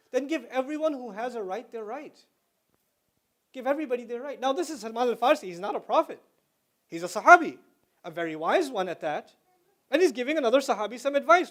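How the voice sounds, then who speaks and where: A man's voice: very high voice, lively intonation, fast. A middle-aged man giving a religious lecture to students in a conversational way, explaining terms and slipping into slang. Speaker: Islamic lecturer.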